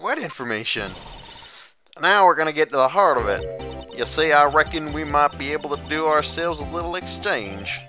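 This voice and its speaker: A man voicing a brash country woman photographer with a put-on Southern US accent and a loud, folksy drawl. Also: on the high side, expressive, moderate pace, music in the background, close to an everyday voice. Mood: scheming.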